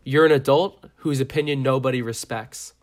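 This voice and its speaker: A man's voice: mid-range voice, moderate pace. Joking young man in casual chat. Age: young adult. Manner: joking, rambling, deadpan absurd bits. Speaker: podcast co-host.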